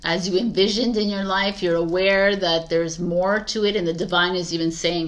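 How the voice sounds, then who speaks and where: Lower-pitched woman giving a casual tarot reading. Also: fairly even intonation, normal speed, hardly any pauses. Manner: casual, repetitive restarts, emphatic advice. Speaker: tarot reader. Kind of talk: spoken tarot reading to viewers.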